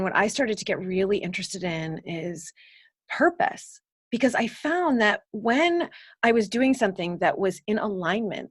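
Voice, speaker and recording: A woman's voice: mid-range voice, breathy edge, dry recording, clean studio sound. A woman from Detroit, a purpose coach, answering interview questions in a gregarious, enthusiastic way. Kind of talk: casual interview.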